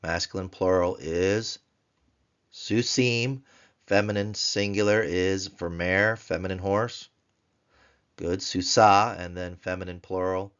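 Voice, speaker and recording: A man teaching Biblical Hebrew grammar in a recorded lesson, explaining slowly and chanting word forms in a sing-song voice. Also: low-pitched, steady tone, a bit bright, clean tone, muffled recording. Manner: slow, deliberate explanations.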